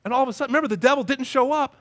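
A male pastor giving a sermon in a church, animated as he acts out scenes with voices and sound effects. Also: extremely high pitch, racing. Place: church sanctuary with a congregation.

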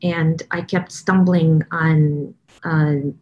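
A woman's voice: low voice, little pitch movement, extremely slow, dull audio. A woman with a Russian accent talking casually as a choir director, with many fillers and restarts. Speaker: choir director promoting a training program. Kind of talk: casual promotional talk.

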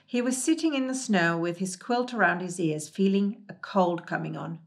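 A woman reading a storybook aloud in a gentle, calm and measured way. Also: mid-range voice.

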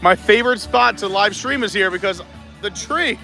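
A man's voice: high-pitched, moderate pace, gravelly, bright, forceful tone, soft background music. A man hosting a casual live stream outdoors at a theme park, chatting and laughing often while walking around.

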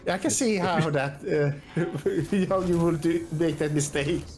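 A man's voice: fairly high pitch, slow, darkish tone. A man chatting casually on a voice call while playing a co-op game, explaining tactics with dry sarcasm. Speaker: gamer.

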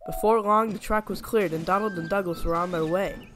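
A man narrating a children's story with a steady, expressive reading. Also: sits high, brisk, noisy background.

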